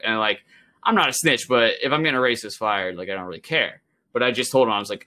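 A young man co-hosting a podcast, telling a story in a loose, animated way, swearing and acting out what people said. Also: mid-range voice, a little fast. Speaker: podcast co-host. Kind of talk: casual podcast chat.

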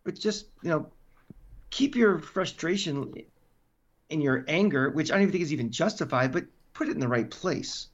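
A man co-hosting a casual sports podcast, talking in an animated, emphatic, ranting way. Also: on the high side, normal speed, highs cut off. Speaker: podcast co-host.

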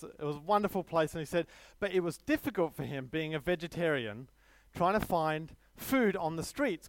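A man's voice: on the high side, no echo. A man preaching a sermon, emphatic, with stories and light self-deprecating humor.

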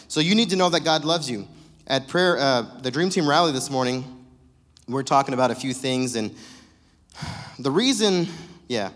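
A man's voice: a little high, a bit bright. Joking young preacher man in a reverberant hall. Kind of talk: sermon. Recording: long reverb of a church hall.

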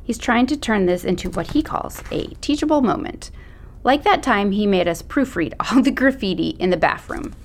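A woman's voice: mid-range voice, expressive, moderate pace. Sassy woman narrating an audiobook. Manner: sassy, slangy teen attitude. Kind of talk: first-person audiobook narration.

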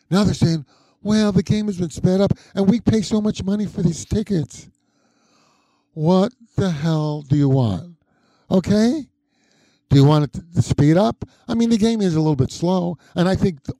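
A man's voice: on the high side, vocal fry, darkish tone, dry recording. An older man hosting a podcast, giving blunt opinions in a ranting way and tagging his points with "okay?". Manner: trails off into mumbling restarts and fillers. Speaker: podcast host. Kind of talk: opinionated casual rant.

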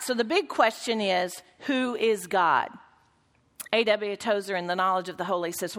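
A woman's voice: mid-range voice, fairly bright tone. Woman Bible teacher, earnest and questioning, reading scripture aloud; reverberant hall sound. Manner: earnest, questioning the group, reads quotes aloud. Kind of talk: Bible lesson teaching with read-aloud quotes. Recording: long reverb of a large room.

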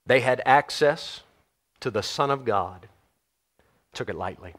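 A man preaching a sermon in a Texan American accent, moving from quiet, low passages to loud, animated ones. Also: a little slow. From Texas. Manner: animated, swings from quiet to loud and laughs often.

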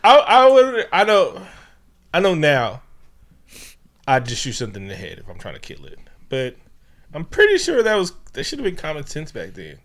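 A man's voice: a little high, huge pitch swings, moderate pace, long pauses, fairly bright tone. A man co-hosting a podcast, casually recapping a movie in a loose, profane, joking way. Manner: loose, profane, laughing storyteller. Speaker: podcast co-host.

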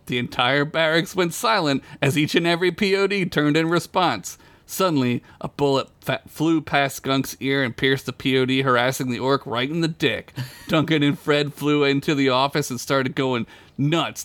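A man reads a raunchy comic fantasy story aloud on a podcast, often breaking into laughter at his own jokes. His voice sits at an average pitch. The sound is dry and close, with no room echo. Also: a bit bright. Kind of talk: comedic story reading.

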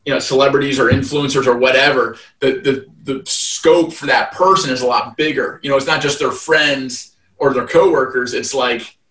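A man in his thirties, a fight event promoter, appears as a guest in a casual interview and tells stories that ramble with lots of fillers and restarts. His voice is medium-pitched, steady and a bit bright at a normal speed, recorded on a distant mic in a roomy space.

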